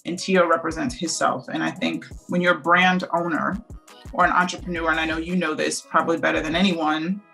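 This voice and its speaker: Candid woman with a gravelly voice. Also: low voice, fairly quick, soft background music, poor audio. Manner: candid, animated storytelling. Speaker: brewery co-founder. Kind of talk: casual interview.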